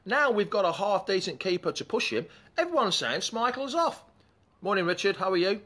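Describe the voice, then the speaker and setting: A man hosts a live fan chat show, his voice sitting a little high and swinging up and down with lots of expression. He talks in a rambling, casual way and keeps breaking off to greet commenters. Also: sing-song, normal speed, pushed and bright.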